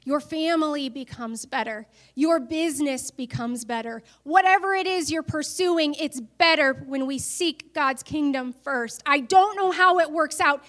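A woman's voice: sits high, measured pace, few pauses, fairly bright tone. A woman preacher giving an earnest sermon that builds to emphatic declarations.

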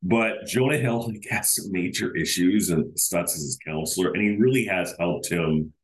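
Chatty low-voiced man in an echoey room. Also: normal speed. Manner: chatty and rambling, with fillers and self-corrections. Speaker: podcast host. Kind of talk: casual solo podcast. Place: home setup in Iowa.

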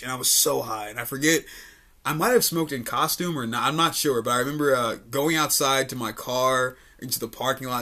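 A man's voice: medium pitch, bright, forceful tone. A young man from Richmond, Virginia, hosting a podcast and telling stories in a laid-back, swearing way, full of likes and uhs. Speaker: podcast host, comedian. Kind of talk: casual storytelling chat. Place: studio.

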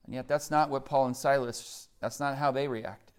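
A man's voice: medium pitch, steady tone, moderate pace, smooth. A man preaching a sermon, emphatic, reciting scripture in rising, building lists. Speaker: pastor.

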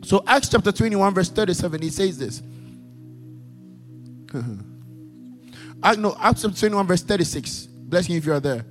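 High-voiced man preaching in a reverberant church. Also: lively intonation, moderate pace, pauses often. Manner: emphatic, repetitive call-and-response preaching. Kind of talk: sermon. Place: church service. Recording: long hall reverb with faint music.

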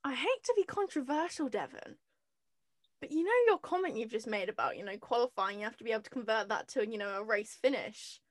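Brief: woman, podcast host, high voice, dry close sound, lively and jokey. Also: brisk, no echo. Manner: animated, jokey, swings between loud and hushed. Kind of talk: casual chat.

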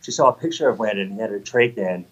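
A man's voice: fairly low pitch, animated, fast, breathy edge, highs cut off. A man in his thirties telling an earnest, heartfelt personal faith testimony in conversation. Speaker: guest sharing a testimony.

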